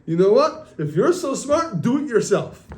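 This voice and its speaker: A man's voice: extremely high pitch, sing-song, moderate pace, voice pushed up. Man doing a young rabbi snapping back. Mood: shouting. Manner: sharp, loud outbursts. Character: young rabbi shouting away the tempter.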